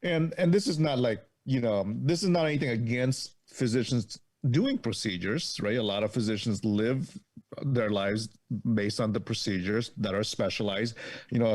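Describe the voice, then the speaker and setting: A male doctor speaking in a measured way, often repeating words and adding "right?". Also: mid-range voice, darkish tone. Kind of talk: casual chat.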